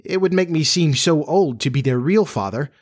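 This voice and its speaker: A man's voice: on the high side, expressive, moderate pace, pitched above the performer's own voice. A man voicing a puzzled, anxious young boy who speaks apologetically. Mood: apologetic. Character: boyish youth, puzzled and anxious.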